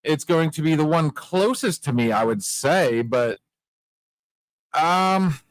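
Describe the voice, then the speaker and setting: A man's voice: fairly high pitch, lively intonation, slow, no echo. A man co-hosting a casual bar-show chat, answering with jokes at his own expense. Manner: joking, self-deprecating, laughs often.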